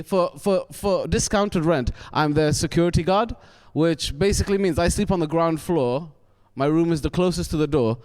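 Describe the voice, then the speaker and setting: A man's voice: a little high, clean tone, long reverb tail. A young man from Wales doing a stand-up comedy set on a theatre stage, ranting in a cantankerous way with stammered restarts and questions to the crowd. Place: theatre stage before a live audience.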